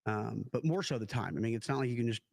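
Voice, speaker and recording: Young male host, casual rambling chat, quick delivery, mid pitch. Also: vocal fry, darkish tone, dry recording, clean studio sound. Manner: rambling, many "like" fillers. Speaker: podcast host.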